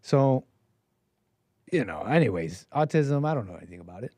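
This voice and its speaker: A man's voice: mid-range voice, very animated, moderate pace, mellow, dry recording. A man hosting a call-in show, rambling in casual commentary with a mocking tone and frequent restarts.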